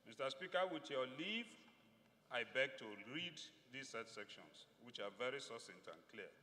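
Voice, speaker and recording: A man's voice: medium pitch, lively intonation, moderate pace, bright, forceful tone. A man with a Nigerian English accent giving a formal speech on the floor of a legislature, pressing hard on key words. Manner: formal, emphatic, rising to stress key words. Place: large legislative chamber. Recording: long reverb of a large chamber.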